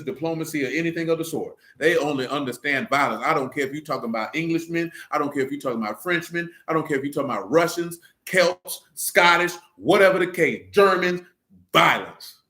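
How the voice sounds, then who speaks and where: A man's voice: on the high side, a bit bright. A man talking in a casual, preaching way, emphatic and fond of rhetorical questions. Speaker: religious discussion leader. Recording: echoey room.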